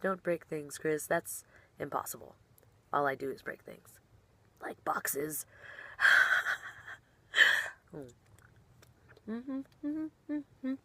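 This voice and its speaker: Giggly young woman, a bit low-pitched. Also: sing-song, slow, long pauses. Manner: bubbly and giggly, trails off mid-sentence. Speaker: professional wrestler. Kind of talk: casual chat answering online questions.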